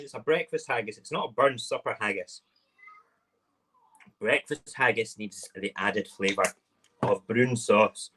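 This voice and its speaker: A man from Edinburgh, Scotland, speaks with a Scottish accent while hosting a casual morning live stream, chatting as he cooks and eats. His mid-range voice is pushed, bright and husky, measured in pace with long pauses, and he rambles along chattily.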